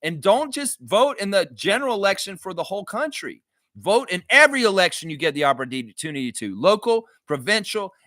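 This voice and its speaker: A man's voice: fairly high pitch, bright, forceful tone, no echo, studio quality. A man hosting a live stream, reading chat comments and ranting bluntly with frequent swearing. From Canada.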